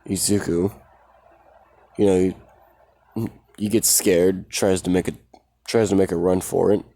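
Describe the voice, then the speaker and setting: A man's voice: sits low, level tone, measured pace, creaky, warm tone. A man casually retelling a fan story in a rambling, profane way, full of fillers.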